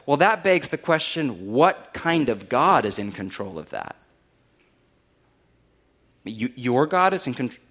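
A man, preaching a conversational sermon in a wry, animated way and raising his voice to act out quotes. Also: mid-range voice, measured pace, long pauses. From California. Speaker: pastor.

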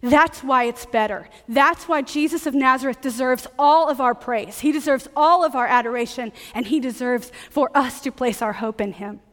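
A woman preaching a sermon with a bright, high-pitched voice, chatty and joking with the congregation. Her words ring out with the long reverb of a large church hall. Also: normal speed, few pauses. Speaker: pastor.

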